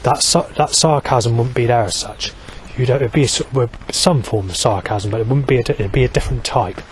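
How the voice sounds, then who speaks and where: A man's voice: medium pitch, a little fast. A man delivers a rambling vlog monologue in his ordinary mid-range voice. He swears constantly, trails off into fillers and restarts his sentences. Faint background noise sits under his speech.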